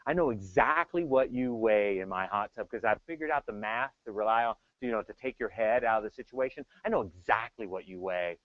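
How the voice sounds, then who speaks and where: A man giving a humorous conference keynote talk as a tech evangelist, telling stories in an animated, joking way, on a dull, dry recording. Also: on the low side, brisk, hardly any pauses, no echo.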